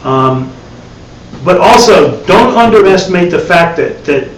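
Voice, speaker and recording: A man's voice: high voice, lively intonation, a little slow. Man teaching a class in an echoey room. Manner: conversational, repeats himself, wry asides. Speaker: meditation teacher. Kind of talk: live dharma class talk. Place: classroom with a live audience. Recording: echoey room, distant mic, faint hiss.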